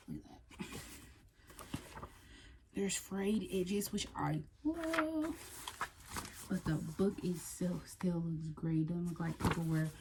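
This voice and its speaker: A woman chatting casually and excitedly about books she bought, sometimes reading blurbs aloud. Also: fairly low pitch, noisy background. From United States. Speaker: book vlogger. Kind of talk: casual book haul chat.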